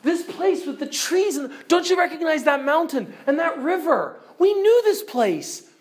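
Lady doing a little girl all amazed and happy, voice pitched up high. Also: sing-song, measured pace. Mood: marveling. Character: wonder-struck young girl, joyful.

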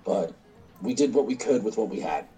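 A man's voice: lowish voice, lively intonation, brisk, dark tone, soft background music, rough recording. A man playing a tabletop role-playing game, talking in an earnest, blunt way. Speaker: player. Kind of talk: casual tabletop play.

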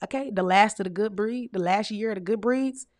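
A woman in her thirties telling comic stories to her audience in a casual, animated, heavily profane way, laughing often as a podcast host. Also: medium pitch, brisk, no echo, studio quality. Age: 30s. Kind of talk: casual comedic storytelling.

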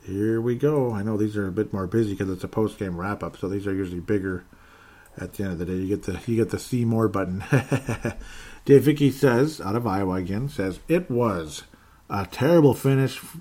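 A man's voice: on the low side, normal speed, mellow. A man hosting a fan podcast, reading listener comments aloud in a casual, joking way and laughing often. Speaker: podcast host.

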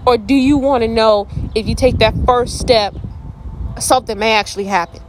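Casual Bible study host, a woman with a slightly high voice, jokey while reading and sincere when reflecting. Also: normal speed, a little hiss or hum. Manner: playful, jokey asides while reading scripture; reflective, earnest when applying the passage.

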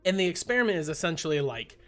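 A man hosting a casual podcast, retelling a sitcom episode with lively acted-out quotes. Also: on the high side, very fast, soft background music. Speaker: podcast host.

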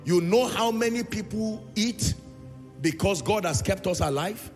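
A man preaches with a high, lively, gravelly voice that swoops up and down. He hammers home his points with repetition and drifts into sung phrases. The sound rings in a large hall with faint music behind. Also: measured pace. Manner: emphatic preaching with repeated phrases and sung lines. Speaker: pastor. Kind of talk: sermon.

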